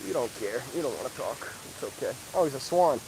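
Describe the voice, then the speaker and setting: Excitable man chatting on a livestream. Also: mid-range voice, brisk, background noise. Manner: excitable, chatty, talks to the animals. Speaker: livestream vlogger. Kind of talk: casual livestream chat. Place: outdoors at an animal park.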